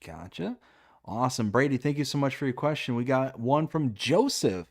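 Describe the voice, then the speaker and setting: A man's voice: mid-range voice, animated, moderate pace. Chatty male livestream host. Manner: enthusiastic, wordy, reads viewer questions. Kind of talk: livestream interview.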